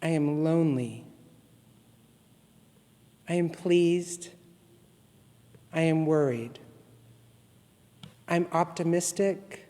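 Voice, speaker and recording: A man serving as guest minister, reading a litany and a poem aloud in worship with a slow, measured, solemn delivery. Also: on the high side, warm tone. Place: church sanctuary. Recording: long reverb from a large hall.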